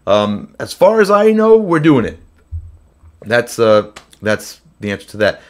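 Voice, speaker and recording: A man's voice: mid-range voice, very animated, a little slow. A man who is under the weather hosts a live question-and-answer stream from his home studio, chatting loosely with many fillers between songs. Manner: rambling, filler-heavy chat. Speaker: host. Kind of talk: live Q&A with singing. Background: guitar playing.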